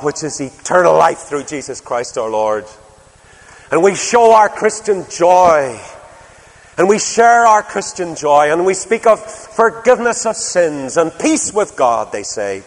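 A man's voice: a little high, sing-song, unhurried. An older man preaching a sermon, telling stories animatedly and asking his listeners rhetorical questions. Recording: long hall reverb.

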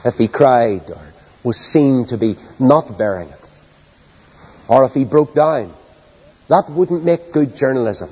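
A man preaching a sermon with great passion, soaring to loud high peaks and then dropping low and quiet, and putting questions to his listeners. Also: lively intonation, slow, pauses often, breathy edge, big-room sound, low-quality recording. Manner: rhetorical questions to the congregation.

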